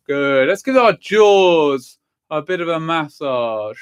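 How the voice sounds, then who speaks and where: A cheerful man leading a vocal warm-up lesson, counting through the exercises and encouraging the listener, a little stuffy from a cold. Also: a little high, animated, a little slow, smooth. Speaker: singing and vocal warm-up teacher.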